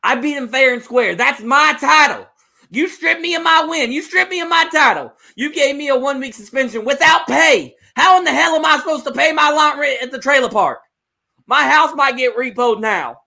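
A man voicing a boastful redneck wrestler with a put-on Southern drawl, trash-talking and whining loudly. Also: sits high, normal speed, pitched above the performer's own voice. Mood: indignant ranting. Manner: boastful trash talk, rising to whiny outrage. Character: brash redneck male wrestler, boastful and whiny.

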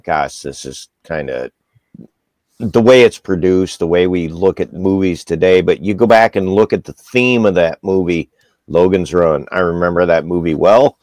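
A man co-hosting a casual talk show, reminiscing about old movies, halting and searching for words. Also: deep voice, a little mellow, no echo. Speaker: podcast co-host. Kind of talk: casual chat.

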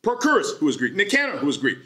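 A man preaching an energetic sermon at a church service, joking and doing playful voices while the congregation answers him. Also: on the high side, fast. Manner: lively, jokey preaching with playful put-on voices. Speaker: pastor.

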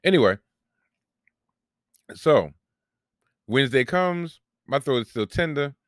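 A man's voice: medium pitch, animated, takes it slowly, a bit bright, no echo, studio quality. A man, hosting a solo podcast and telling a long, rambling, profane story about himself with self-mocking humor. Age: 40s. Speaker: podcast host.

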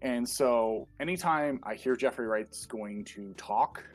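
A man co-hosting a casual podcast chat, an excitable fanboy who leans on fillers. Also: mid-range voice, unhurried, faint music behind. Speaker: podcast co-host. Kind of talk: casual chat reviewing a show.

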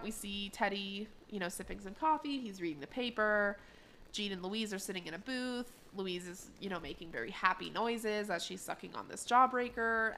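A woman co-hosts a podcast and recaps an episode in a chatty, giggly way. Her talk is sprinkled with fillers, and her pitch swings in lively, animated curves. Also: slight background noise. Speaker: podcast co-host.

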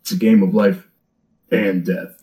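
A man playing his character in a tabletop game, talking in a steady, firm, reasoning way. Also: low-pitched, a little slow, rough recording. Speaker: player.

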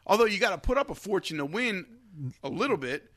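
A young man co-hosting a casual sports betting show, animated and swearing freely, his voice jumping high when he gets worked up. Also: fairly quick, dry recording. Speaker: podcast co-host.

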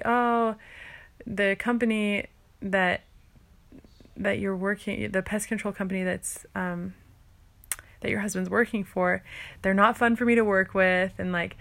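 A woman's voice: mid-range voice, steady tone, moderate pace, gravelly, a bit bright. A young woman, a stay-at-home mom, telling a personal story in a chatty way, full of "like" and quoting herself and others.

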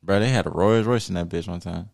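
A raspy young man, a hip hop artist, talking in a relaxed, rambling way with plenty of fillers in a casual podcast interview. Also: sits low, fast, dry recording, studio quality.

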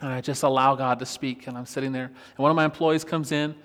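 A worship pastor telling a personal story in a relaxed, conversational sermon, laughing often as he talks. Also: medium pitch, fast. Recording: long reverb of a church hall.

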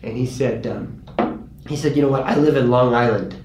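A pastor telling a story in a conversational way, earnest, and lively when he quotes people. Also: medium pitch, moderate pace. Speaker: pastor and grief guest. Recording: roomy with faint ambient noise.

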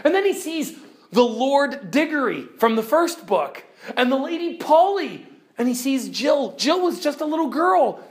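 A woman teacher retelling a story to her class, animated, swinging from bright exclaims to hushed, low dramatic moments. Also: a little slow.

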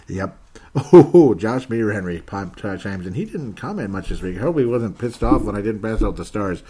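A man's voice: on the low side, lively intonation, moderate pace, darkish tone, slightly rough. A man hosting a fan podcast, reading listener comments aloud in a casual, joking way and laughing often. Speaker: podcast host.

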